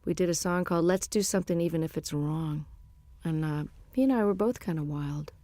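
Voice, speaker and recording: A middle-aged female musician rambles chattily and frankly through a casual interview. She speaks briskly in a low, dark-toned voice, with no room sound.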